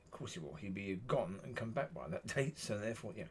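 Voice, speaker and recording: A man's voice: fairly low pitch, lively intonation, quick pace, slight background noise. A man, talking casually to camera in a rambling, repetitive way, plain-spoken and exasperated. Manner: rambling and repetitive, circling back on itself. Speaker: vlogger.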